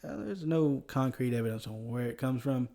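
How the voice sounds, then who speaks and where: A man's voice: mid-range voice, moderate pace, mellow. A man with a Southern US accent hosting a casual history podcast, chuckling often as he talks. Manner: chuckles often, loose and conversational. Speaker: podcast host.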